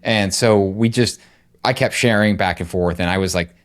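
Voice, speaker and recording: A middle-aged man co-hosting a podcast, telling a rambling, animated story in casual chat. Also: on the low side, normal speed, smooth. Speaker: podcast co-host.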